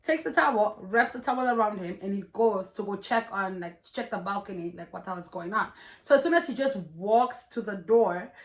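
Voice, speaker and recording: A young woman vlogger telling a personal story in an animated, profane, laughing way. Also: medium pitch, fairly quick. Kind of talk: storytime vlog.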